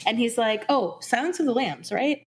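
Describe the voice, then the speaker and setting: Podcast co-host, woman, somewhat high pitch, loose meandering chat. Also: expressive, moderate pace, slightly rough. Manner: wandering, searches for references. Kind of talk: casual chat.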